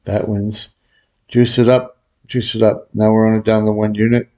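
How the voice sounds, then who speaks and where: A man hosting a gambling video, calling out his bets in a relaxed, muttered running commentary to viewers. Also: lowish voice, moderate pace, highs cut off. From Vegas pro. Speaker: baccarat video host. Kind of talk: casual play-by-play of bets.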